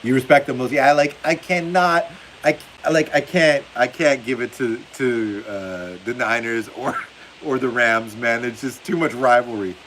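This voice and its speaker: Dude streaming a game, chill chat, laughs a lot, mid-pitched voice, bit of hiss. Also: male voice, moderate pace, fairly bright tone, low-quality recording. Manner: laughs often, reads viewer comments aloud. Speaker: livestream host. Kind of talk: casual live game commentary and chat. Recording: faint hiss behind the voice.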